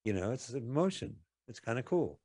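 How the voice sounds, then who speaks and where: A man's voice: medium pitch, very animated, moderate pace, dark tone, no echo, clean studio sound. A man co-hosting a radio show, reacting casually while watching a movie. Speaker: radio co-host. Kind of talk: casual movie commentary chat.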